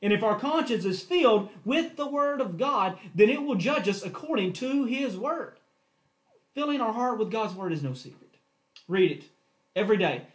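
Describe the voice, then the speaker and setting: High-voiced preaching man. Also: lively intonation, normal speed. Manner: preaching with emphatic rises and hushed drops. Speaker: pastor. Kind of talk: sermon.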